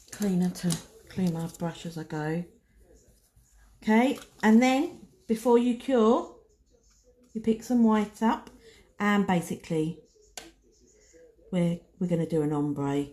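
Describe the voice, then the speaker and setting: A woman's voice: medium pitch, expressive, slow pace, long pauses, warm tone. A woman giving a chatty, casual nail art tutorial, talking herself through each step as she paints. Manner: chatty, talks to herself while working.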